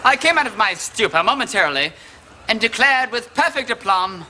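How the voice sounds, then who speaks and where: An actor playing the pompous, snobbish ghost of a dead playwright, quipping in an arch, plummy way in a sketch comedy. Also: male voice, high-pitched, big pitch swings, fairly quick, bright, forceful tone, full character voice. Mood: smug. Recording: noisy sketch soundtrack.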